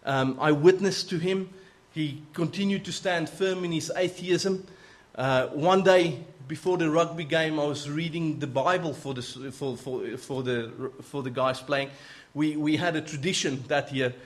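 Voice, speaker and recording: A man preaching, telling a personal story in an earnest, animated way. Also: fairly high pitch, a little slow. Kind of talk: sermon storytelling.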